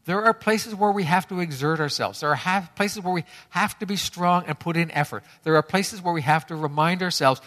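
A man's voice: high voice, brisk, hardly any pauses, a bit bright, in a large hall. A man preaching a sermon to his congregation, emphatic and fond of repeating key phrases for effect. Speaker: pastor.

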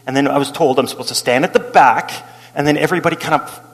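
A middle-aged male pastor preaching a sermon as an animated story, acting out the people he quotes and laughing as he goes. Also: fairly high pitch, fast talker. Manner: animated, acts out quotes, laughs while telling. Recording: long hall reverb.

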